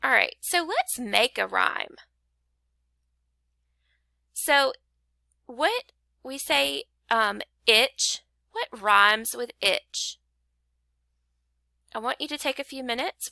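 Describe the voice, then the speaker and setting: A woman teaches phonics at an unhurried pace, pausing to clap out each syllable. Her voice is bright and slightly high, with a heavy gravelly fry at the ends of phrases. The sound is close and dry. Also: animated, no echo. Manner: slow, patient, clapping out syllables. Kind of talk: phonics lesson to young learners.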